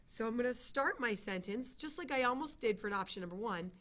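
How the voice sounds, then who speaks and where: A woman's voice: on the high side, animated, fairly quick, a bit bright. Woman teacher explaining punctuation step by step. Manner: explains step by step, often asks "okay?". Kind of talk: classroom writing lesson.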